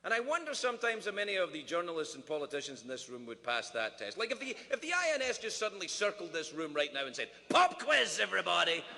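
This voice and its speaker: A Scottish man doing stand-up comedy at a formal dinner, animated, full of quick asides and mock-voiced quotes. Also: a little high. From Scotland. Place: large banquet hall. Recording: roomy hall with faint ambience.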